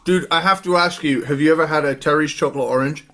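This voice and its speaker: A man's voice: fairly high pitch, quick pace, a bit bright. A man co-hosting a casual podcast chat from a home recording room, jokey and sweary, with lots of fillers and laughter. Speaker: podcast co-host.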